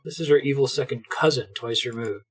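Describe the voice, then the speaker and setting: A jolly, pompous game dwarf speaks in plummy, old-fashioned upper-class tones, put on by a man. The voice carries a slight husk. Soft game music sits faintly underneath. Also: mid-range voice, fairly quick, slightly rough, close to an everyday voice.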